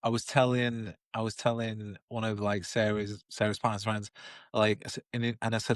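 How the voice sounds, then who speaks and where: A man's voice: lowish voice, flat delivery, moderate pace, no room sound. A man co-hosting a podcast, chatting in a hesitant way with many restarts. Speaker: podcast co-host. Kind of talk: casual chat.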